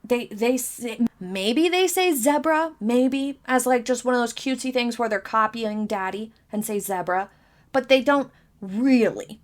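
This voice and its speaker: Emphatic woman commentator, thirties, slightly high-pitched, incredulous, hammers her points home. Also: fairly even intonation, moderate pace. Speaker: commentary vlogger. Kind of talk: opinionated commentary.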